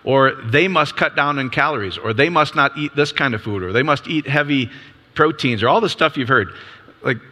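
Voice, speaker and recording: Upbeat, bright-voiced preacher in his fifties. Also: mid-range voice, moderate pace. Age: 50s. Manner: conversational, upbeat, asks rhetorical questions. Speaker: ministry leader. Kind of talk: casual sermon. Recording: long hall reverb.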